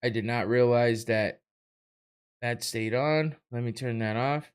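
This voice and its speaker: Speaking a little slowly in a smooth, medium-pitched voice, a young solo podcast host comments casually on a live fight, watch-party style. He rambles, uses profanity, makes fun of himself, and laughs a lot.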